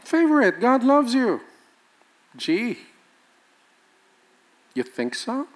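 A man's voice: very high voice, wildly swooping pitch, extremely slow. A male pastor, preaching a sermon with emphatic rhetorical questions and laughing with the congregation.

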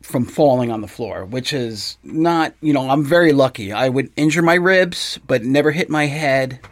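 A man who is a podcast guest, talking casually in a halting, hesitant way and often repeating his words. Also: mid-range voice, lively intonation. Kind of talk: casual conversation.

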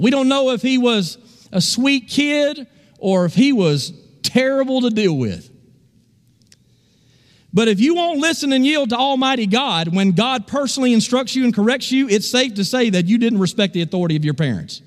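A man's voice: very high-pitched, expressive, moderate pace, in a large hall. A male pastor preaching a sermon in a church, emphatic and asking the congregation questions. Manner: emphatic, call-and-response questions.

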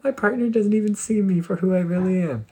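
A man putting on the voice of a frazzled, self-pitying inner voice that complains in a high, strained tone. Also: fairly quick, a little mellow, close to an everyday voice. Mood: complaining.

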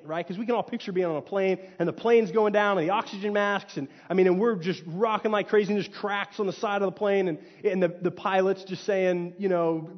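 A man from Texas preaching a sermon, telling stories with animated swings from loud to hushed. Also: high-pitched, in a large hall, lo-fi sound. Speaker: pastor. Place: church.

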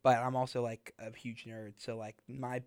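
A man's voice: mid-range voice, little pitch movement, normal speed, clear, resonant tone, no echo, clean studio sound. Chatty young man hosting college radio. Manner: rambling, filler-heavy, laughs often. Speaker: college radio podcast host. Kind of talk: casual chat. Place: small radio studio.

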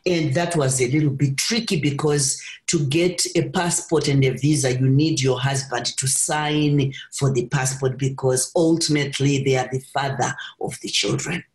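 A woman's voice: rumbling low, steady tone, moderate pace, few pauses, a little mellow. A woman guest on a podcast earnestly telling a personal story and repeating phrases for emphasis. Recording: roomy echo.

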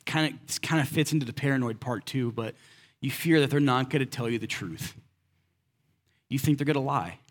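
Male pastor, mid-pitched, casual and direct sermon delivery, heavy on rhetorical questions. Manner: conversational preaching with rhetorical questions; casual and direct, slips in slang.

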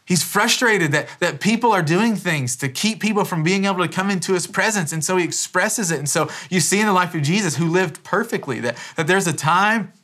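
A man's voice: high-pitched, brisk, hardly any pauses, a bit bright. A pastor in his thirties preaching a sermon in a casual, conversational way, often restarting phrases and dropping in "man" as an aside. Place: church.

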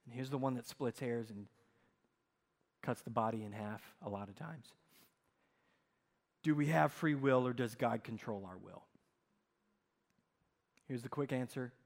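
A man preaching a sermon as pastor, telling stories with dramatic swings in loudness. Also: mid-range voice, a little slow, creaky, long pauses. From United States. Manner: animated storytelling, dramatic shifts in loudness. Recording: long hall reverb.

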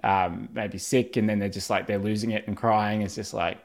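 A man, chatting in a relaxed, rambling way and laughing often. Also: on the low side, normal speed. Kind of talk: casual chat.

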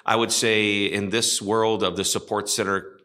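A man's voice: fairly low pitch, flat delivery, measured pace, bright, forceful tone. A middle-aged man, a guest on a podcast about customer service, talking in a chatty way and telling a joke with voices for each character. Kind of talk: casual interview talk.

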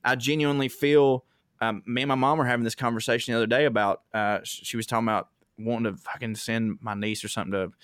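A young man from the American South with a Southern accent, an animated storyteller who swears freely and acts out quotes in casual chat. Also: medium pitch, fast talker, clear, resonant tone, no room sound, studio quality. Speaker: comedian guest.

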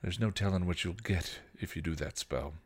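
A man reading a story aloud, voicing a grim, protective male vampire who speaks softly but sternly. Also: moderate pace, slightly rough. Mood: grim gentle. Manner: low, grim, soft-spoken.

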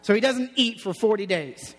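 A man's voice: high-pitched, animated, normal speed, fairly bright tone. A man preaching a casual, playful sermon to young people, telling stories and acting out what people say. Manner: playful, storytelling, acts out quotes. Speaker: youth pastor. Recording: long hall reverb.

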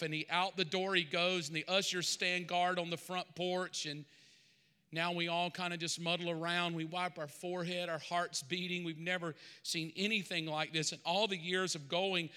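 A pastor preaches a storytelling sermon, drawing his listeners into the scene. His voice is bright and clean and sits a little high, with a long reverb tail from the hall around him. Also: fairly even intonation, moderate pace, smooth. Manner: storytelling, speaking in second person.

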